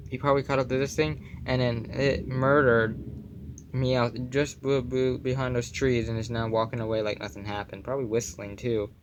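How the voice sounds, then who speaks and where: A man's voice: mid-range voice, little pitch movement, normal speed, muffled recording, background noise. A young man casually commenting on his card collection, slipping goofy puns and mumbled asides in between.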